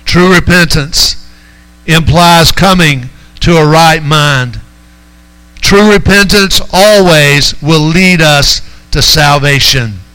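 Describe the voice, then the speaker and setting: Bright, clear-voiced male preacher. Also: on the high side, low-quality recording. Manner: preaching with rising emphasis and call-outs to the congregation. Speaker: pastor. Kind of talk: sermon.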